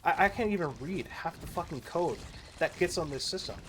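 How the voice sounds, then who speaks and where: A man's voice: fairly high pitch, lively intonation, brisk, a bit bright, a little hiss or hum. A man ranting casually and profanely while playing a game, exasperated and rambling with frequent stammers and restarts. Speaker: gaming video creator.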